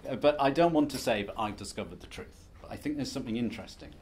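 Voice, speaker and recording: A man's voice: mid-range voice, animated, quick pace, a little mellow. A man giving a conference presentation as an academic, lecturing in a wry, self-deprecating, conversational way. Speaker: academic speaker.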